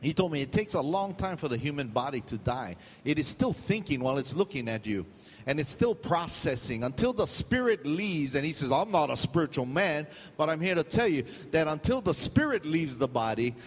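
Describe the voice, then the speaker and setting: With a slightly high voice and a long reverb tail, this middle-aged Hawaiian pastor preaches in a storytelling, jokey style. His Hawaiian accent comes through, and he slips into loose pidgin asides.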